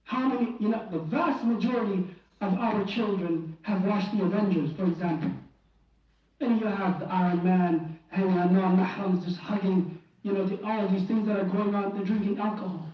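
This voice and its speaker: A man's voice: high voice, steady tone, moderate pace. A man giving an impassioned Friday sermon in a mosque, pleading and fervent, often restarting and repeating phrases. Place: mosque prayer hall. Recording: very echoey hall, distant and dull.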